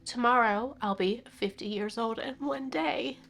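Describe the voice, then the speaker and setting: A woman in her fifties speaks to her camera in a personal vlog, her voice teary and sniffly as she laughs and cries at once. She keeps slipping into soft whispers and then brightening again, with faint music in the background. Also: on the high side, unhurried, gravelly. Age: 50s. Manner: tearful, laughing and crying at once, breaking into whispers. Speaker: vlogger.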